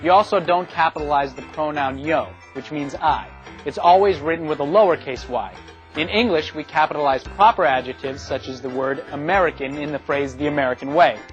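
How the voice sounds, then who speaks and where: A man giving a scripted instructional review in a clear, measured way, with a dull lo-fi sound. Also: on the high side. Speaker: narrator of an educational video. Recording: dull lo-fi sound with faint music.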